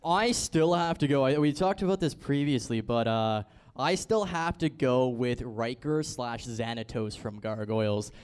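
A man's voice: mid-range voice, unhurried, clear, resonant tone. A man hosting a casual group chat, quizzing his guests and laughing often. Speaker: podcast host.

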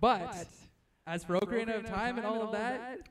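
A man's voice: high voice, normal speed, a crowd in the background. A man co-hosting a casual radio chat, blunt and opinionated in his views. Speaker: radio show co-host.

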